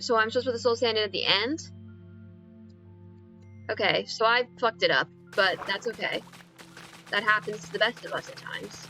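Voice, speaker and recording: A young woman streaming a game, keeping up an excitable, self-mocking running commentary as she plays. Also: mid-range voice, moderate pace, pauses often, soft background music. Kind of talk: casual live-stream chatter while gaming.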